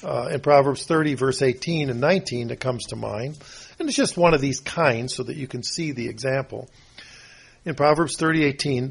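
A husky older man delivers a homespun sermon. He rambles from story to scripture, and his voice sits a touch higher than most men's. He clears his throat often as he goes. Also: lively intonation, moderate pace. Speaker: preacher. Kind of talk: folksy sermon.

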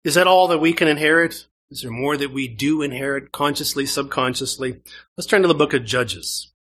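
A man's voice: a little high, brisk, a bit bright, slight background noise. A man from Canada with a Canadian accent, preaching a sermon to a congregation in a conversational way and asking them questions. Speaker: pastor. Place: church.

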